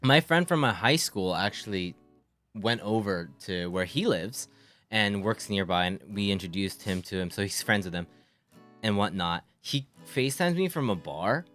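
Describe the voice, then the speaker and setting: A man's voice: lowish voice, normal speed, faint music behind. A young man streaming live, chatting casually and telling stories about a friend, acting out voices in the quotes. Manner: animated storyteller, acts out quoted voices. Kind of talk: casual chat.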